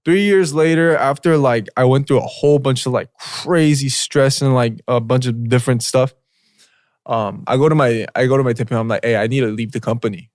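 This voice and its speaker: A man's voice: medium pitch, fairly quick, darkish tone, no echo, studio quality. A young man co-hosting a podcast, telling a story in casual slangy chat with lots of filler words and "bro". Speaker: podcast co-host.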